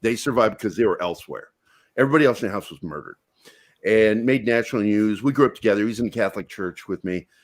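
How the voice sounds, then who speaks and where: A man co-hosting a podcast, telling a crude high-school story in a profane, animated way. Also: fast talker. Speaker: podcast co-host. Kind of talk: casual storytelling chat.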